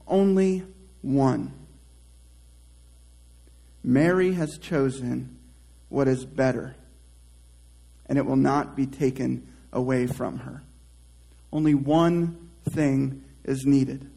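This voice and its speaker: Male pastor, slightly high voice, slow unhurried sermon delivery, soft trailing phrase ends, conversational asides. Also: creaky, low-quality recording. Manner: slow, reflective preaching with drawn-out soft phrase endings; conversational asides and self-restarts.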